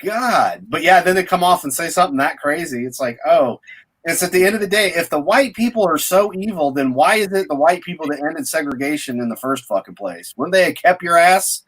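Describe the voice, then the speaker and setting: A man's voice: on the high side, expressive, fairly quick, fairly bright tone. A man co-hosting a casual stream chat, blunt and ranting, with heavy profanity.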